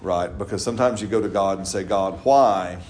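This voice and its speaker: A man's voice: low-pitched, a little fast, a crowd in the background. A middle-aged man, a pastor teaching a Bible study in a chatty, laughing way, often asking "right?" of his listeners. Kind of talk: informal teaching with congregation replies. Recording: roomy echo, faint background noise.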